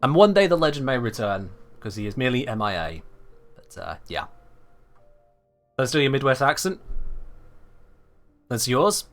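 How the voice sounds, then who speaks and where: Animated British man streaming a game. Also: mid-range voice, moderate pace, long pauses, soft background music. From Britain. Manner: animated, playful, talks back to chat. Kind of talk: live-stream chat while gaming.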